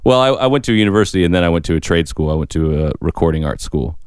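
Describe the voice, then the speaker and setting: A man's voice: deep voice, lively intonation, racing, smooth, no room sound, clean studio sound. A young man co-hosting a podcast, talking in a rambling, chatty, self-deprecating way. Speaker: podcast co-host. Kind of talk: casual chat.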